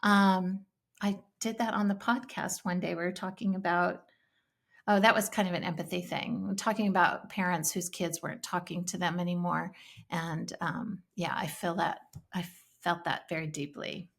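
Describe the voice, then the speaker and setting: A woman's voice: on the low side, fairly even intonation, moderate pace, vocal fry. A middle-aged woman co-hosting a faith-based parenting podcast, talking in an earnest, emotional, casual way. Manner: earnest, emotional, speaks of crying easily. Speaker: podcast co-host.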